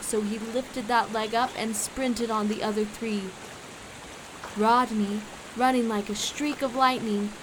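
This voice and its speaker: Slow-reading woman storyteller. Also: on the high side, noisy background. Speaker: audiobook narrator. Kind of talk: scripted children's story narration.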